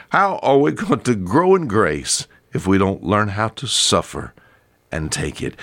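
A man's voice: on the low side, a bit bright. A man preaching a radio sermon, emphatic, asking rhetorical questions and drawing out key words.

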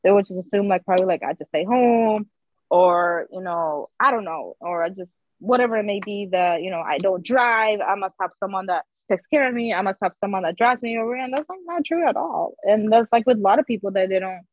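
A woman's voice: medium pitch, fairly quick, no echo, lo-fi sound. A woman, a podcast guest, talking earnestly in casual chat and often saying "you know".

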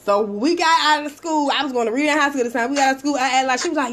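Profane animated woman, high voice. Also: rapid-fire, noisy background. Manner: profane, animated, acts out quotes. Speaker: storyteller in a casual talk. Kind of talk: casual chat, storytelling.

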